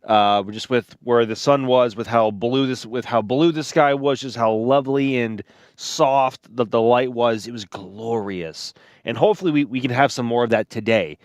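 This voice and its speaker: A man's voice: mid-range voice, moderate pace, no echo. Enthusiastic male co-host, dry close sound, stumbling eager delivery. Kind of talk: casual livestream commentary.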